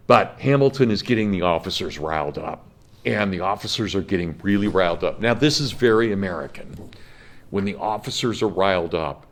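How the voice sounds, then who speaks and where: A man with a low, deep voice lecturing on history to a class. He tells the story emphatically and with feeling, and he is middle-aged. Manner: animated storytelling, emphatic, gets emotional. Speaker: history professor.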